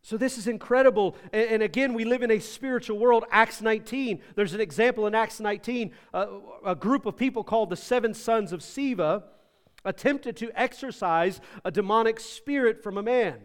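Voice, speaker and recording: A man, a pastor, preaching a sermon emphatically, swinging between loud and soft. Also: high-pitched, moderate pace, clear, resonant tone. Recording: reverberant hall.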